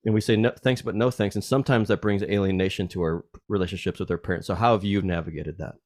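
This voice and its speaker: Deep-voiced man asking interview questions. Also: fairly even intonation, fast, a little mellow. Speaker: podcast co-host.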